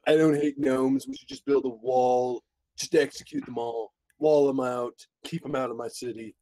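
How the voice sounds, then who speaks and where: Guy doing a bragging blowhard politician, bouncy pitch, dry sound. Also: lively intonation, normal speed, gravelly, mellow, no echo. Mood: boastful. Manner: boastful, repetitive bragging. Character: blustering politician parody, adult man, boastful.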